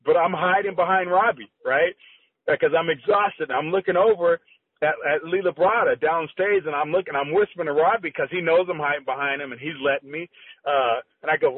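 Husky middle-aged man on a tinny call. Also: a little high, dry recording. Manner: animated, halting with restarts, acts out quoted dialogue. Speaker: guest, former competitive bodybuilder. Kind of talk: conversational storytelling. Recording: tinny phone-line audio, dry.

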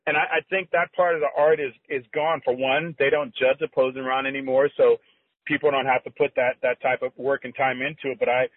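Husky middle-aged man on a tinny call. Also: mid-range voice. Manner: animated, halting with restarts, acts out quoted dialogue. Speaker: guest, former competitive bodybuilder. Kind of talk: conversational storytelling. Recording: tinny phone-line audio, dry.

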